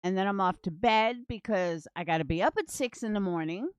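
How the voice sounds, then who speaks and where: Woman streamer, casual commentary, smooth clear voice, cutting sarcastic delivery, swears freely. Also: mid-range voice, a little fast, no echo. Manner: blunt, profane and sarcastic. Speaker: true crime commentary streamer. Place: at home.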